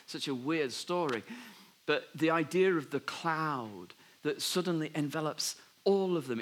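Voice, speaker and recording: A man preaching a sermon, telling a Bible story with lively asides and dropping softly when he gives God's words. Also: fairly high pitch. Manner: animated storytelling, drops to soft voice for God's words. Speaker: pastor.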